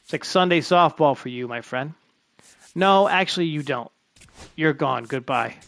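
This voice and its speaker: A man with a highish, creaky, fairly bright voice streams a baseball management game at normal speed. He chats to himself as live commentary while sorting through his players.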